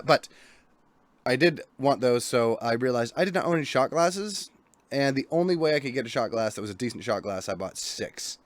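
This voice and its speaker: A man's voice: medium pitch, no echo. A man hosting a gaming podcast, chatting casually in a jokey, rambling, self-deprecating way. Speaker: podcast host. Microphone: studio microphone.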